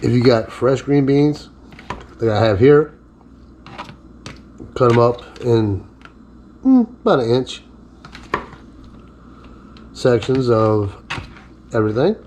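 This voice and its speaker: A man's voice: mid-range voice, expressive, slow, pauses often, dark tone. A man with an ordinary mid-range voice talks his way through a home cooking video in a loose, chatty manner. He stops now and then to talk to his dog, and a faint hiss sits under his voice. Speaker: cooking vlogger. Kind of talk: casual cooking demonstration. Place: home kitchen.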